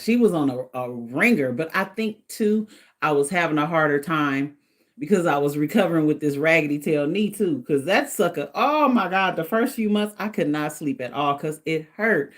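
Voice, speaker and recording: A middle-aged woman hosting a casual livestream, chatting in an animated way and laughing often. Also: low-pitched, moderate pace. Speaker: livestream host.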